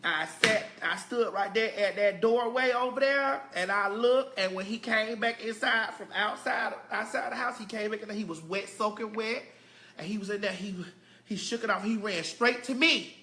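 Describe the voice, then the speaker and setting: A woman vlogger telling a story at home in a casual, emphatic and animated way. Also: mid-range voice, moderate pace. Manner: emphatic and animated, often addressing viewers as "girl". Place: home, indoors.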